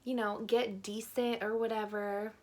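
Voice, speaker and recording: A woman's voice: mid-range voice, flat delivery, unhurried, a little mellow, natural voice. Woman playing her stern, questioning mother. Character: stern mother catching her teen daughter.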